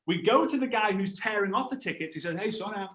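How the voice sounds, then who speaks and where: Animated man, echoey room. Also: sits high, quick pace. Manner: animated storytelling, acts out voices. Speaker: network marketing trainer. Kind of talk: energetic live training talk.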